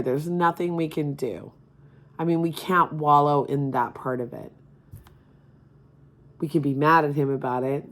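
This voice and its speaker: A middle-aged woman speaking as a grieving mother, emotional and halting, near tears at times. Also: rumbling low. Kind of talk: personal appeal to camera.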